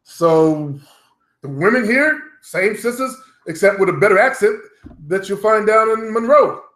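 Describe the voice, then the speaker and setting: A man's voice: high voice, measured pace, a bit bright. Blunt, profane middle-aged man, roomy sound. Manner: blunt and profane, talks to viewers directly. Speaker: vlogger. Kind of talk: casual rambling monologue. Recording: roomy echo.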